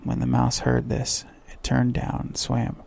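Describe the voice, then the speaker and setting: A man narrating a sleep story with slow, soft bedtime reading. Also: mid-range voice, monotone, creaky.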